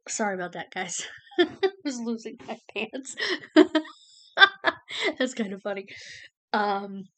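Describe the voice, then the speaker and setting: A woman's voice: a little high, big pitch swings, slow pace. A woman giving a casual personal update to her camera, rambling with many fillers and emotional, close to tears at times. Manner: many fillers like "you know" and "um". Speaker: vlogger. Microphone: camera facing the speaker.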